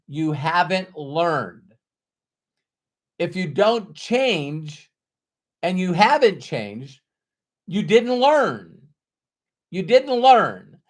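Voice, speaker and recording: A middle-aged man delivers a motivational talk, unhurried and emphatic. His voice sits a little high for a man, and he likes to repeat the lines he wants to land. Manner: emphatic, repeats key phrases. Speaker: motivational speaker.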